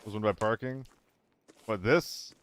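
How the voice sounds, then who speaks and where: A young man chatting casually with his viewers while streaming a game, playful and quick to laugh. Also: lowish voice, a bit bright, slight background noise. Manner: playful, apologetic, laughs often.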